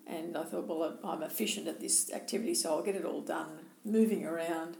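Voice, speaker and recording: A woman's voice: low-pitched, fairly quick, vocal fry, darkish tone. A woman co-hosting a casual chat, telling a personal story candidly and with self-deprecation. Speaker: co-host. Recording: roomy echo.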